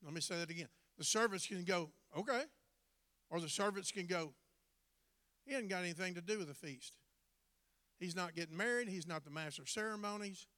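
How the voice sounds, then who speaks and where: A middle-aged man preaching a storytelling sermon, folksy and colloquial, building to loud emphatic bursts. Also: sits high, a little fast, clean tone. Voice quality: folksy, drawling, colloquial grammar. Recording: long hall reverb.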